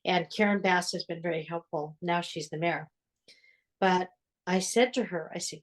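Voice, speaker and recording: An older woman, a religious sister, telling her story in an interview in an earnest way, with reflective pauses. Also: on the low side. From United States.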